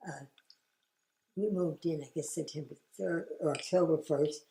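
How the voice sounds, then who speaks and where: Low-voiced older woman, hushed and reflective. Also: gravelly, echoey room, poor audio. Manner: reflective, halting, often sinking to a hushed whisper. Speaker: grandmother recalling family history. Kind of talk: oral history interview.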